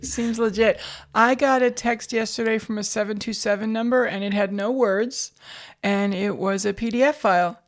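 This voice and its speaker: A woman co-hosting a podcast in casual chat, wry and teasing with quick comebacks. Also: on the high side, steady tone. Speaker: podcast co-host.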